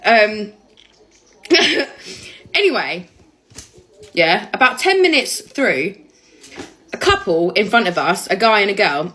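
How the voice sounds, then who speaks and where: Sweary, lively woman vlogger. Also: medium pitch, measured pace, pauses often, low-quality recording. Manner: sweary, laughs loudly and often. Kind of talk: casual storytelling to camera.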